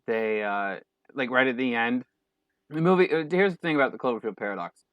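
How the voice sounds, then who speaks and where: A podcast co-host with a medium-pitched voice chats casually and briskly, animatedly telling stories and acting out what people said. The audio is dull, with no room sound.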